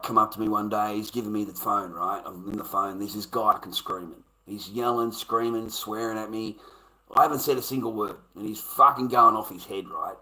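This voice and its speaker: On a low-quality recording, a middle-aged Australian man tells stories on his livestream as a casual rant. His lowish voice is sharp in tone, and he swears, rambles, and laughs while he talks.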